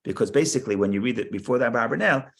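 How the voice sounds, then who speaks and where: A man's voice: medium pitch, rapid-fire, creaky. A man teaching a Torah study class, reading verses aloud and explaining them with frequent restarts and repeated words.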